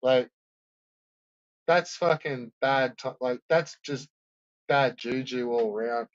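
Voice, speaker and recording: A man's voice: medium pitch, slow pace, dull audio. A man rambling through a profane, casual commentary, laughing often.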